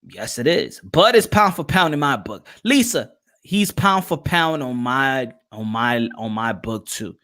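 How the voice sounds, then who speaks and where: A man's voice: medium pitch, animated, measured pace, sharp tone. A man hosting a casual boxing livestream, reading out chat and posing rhetorical questions, often repeating himself. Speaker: boxing show host.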